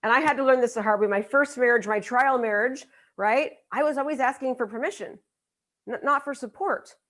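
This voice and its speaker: A woman's voice: on the high side, fairly quick, a bit bright. A middle-aged woman giving a motivational seminar talk as a business coach, emphatic and repeating her key lines for effect. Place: live event.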